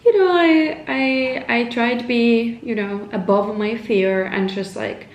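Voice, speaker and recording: A woman's voice: on the high side, slow, lo-fi sound. Rambling woman from Estonia in a roomy room. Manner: rambling, filler-heavy, with frequent "like" and restarts. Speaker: lifestyle vlogger. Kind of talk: casual chat to camera. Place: at home indoors, with her cat nearby.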